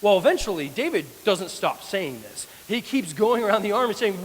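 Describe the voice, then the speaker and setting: Male pastor, lively storytelling sermon, fairly high voice, long church reverb with faint hiss. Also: normal speed. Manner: animated storytelling. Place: church hall.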